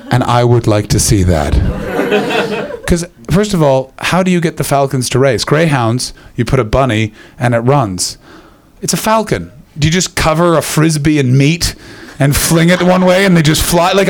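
A comic man spinning stories for a live crowd, his voice sitting a touch high and swinging all over the place. He swears freely, bantering with a guest and jumping into yelled impressions. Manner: animated, swearing, breaks into screamed impressions. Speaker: comedian and podcast host. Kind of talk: live comedy storytelling with audience banter.

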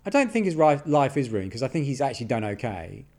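A man's voice: medium pitch, big pitch swings, fast, darkish tone. A man hosting a podcast from a home garage studio, blunt and bantering, given to swearing. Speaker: podcast host. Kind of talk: casual chat.

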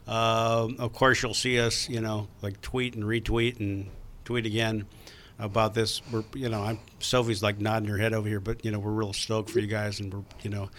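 Bright-voiced guy hosting a talk podcast, rambly and chatty, lots of you knows. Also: fairly low pitch, level tone, moderate pace. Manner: chatty, rambling with many fillers. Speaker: podcast host. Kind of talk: casual radio-style show hosting.

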